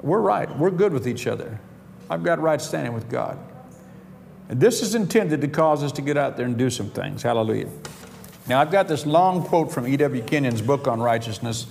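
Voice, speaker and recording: A man's voice: medium pitch, lively intonation, normal speed, gravelly, darkish tone. A middle-aged man preaching a sermon, telling stories with chuckles and quoting conversations in his own voice. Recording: reverberant hall, faint background noise.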